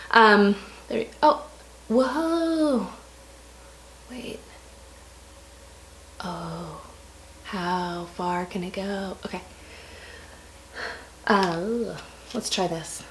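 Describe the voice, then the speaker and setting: A young woman from the United States talks through her favorite makeup in a relaxed, chatty way. Her voice sits at a middle pitch, and she often stops to correct herself and laughs at her own slips. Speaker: beauty vlogger. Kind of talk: casual product review.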